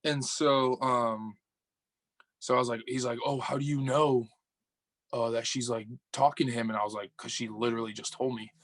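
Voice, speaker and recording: Young guy from upstate new york telling a dating story, mid pitch, acts out the lines, cusses lots. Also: moderate pace, dry recording. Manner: animated, swears often, acts out dialogue. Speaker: podcast guest. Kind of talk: casual storytelling chat.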